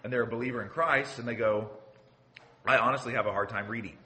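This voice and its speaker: A man's voice: mid-range voice, fairly even intonation, fast, sharp tone. A man preaching a sermon in an earnest teaching manner, often repeating words as he builds a point and checking in with "okay". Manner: often says "okay" as a signpost.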